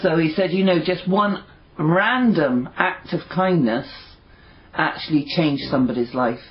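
A man's voice: fairly high pitch, unhurried. A man sharing an earnest, informal devotional talk with his fellowship, rambling with many fillers. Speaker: fellowship member sharing encouragement. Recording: dull lo-fi recording.

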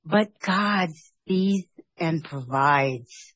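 A woman talking earnestly and emotionally about her faith and an upcoming trip, often halting and restarting. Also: deep voice, expressive, a bit bright, husky, no echo. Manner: speaks of God with devout fervor. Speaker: vlogger sharing a faith testimony. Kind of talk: heartfelt personal vlog.

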